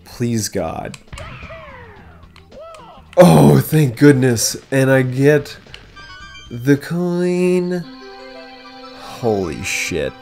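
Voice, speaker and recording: A man hosting a casual let's play, talking to the game as he goes, excitable and swearing often. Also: mid-range voice, extremely slow, gravelly, pauses often, soft background music. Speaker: gaming channel host.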